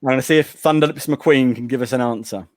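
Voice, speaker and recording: A man's voice: medium pitch, quick pace, no echo. A man hosting a casual podcast movie quote quiz, playful and teasing. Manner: playful, reads out quotes and teases. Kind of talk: casual chat.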